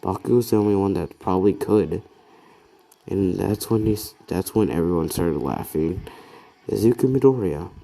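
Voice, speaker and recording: A young man with a deep, dark voice improvising a fan story. He speaks softly and rambles, stopping often to correct himself. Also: moderate pace, creaky. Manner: rambling, self-correcting, soft-spoken. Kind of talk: improvised fan-fiction narration.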